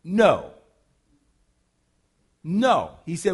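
A high-pitched man preaches with lively, playful energy, slipping into little acted-out voices for the people in his stories. His delivery is colloquial and humorous, with quick asides to his listeners. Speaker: pastor. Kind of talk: sermon.

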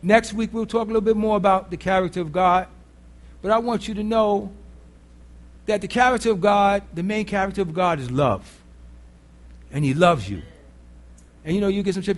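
A pastor preaching a sermon in a blunt, conversational way, often putting rhetorical questions to the congregation. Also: male voice, high voice, normal speed, long pauses. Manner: blunt, earthy phrasing.

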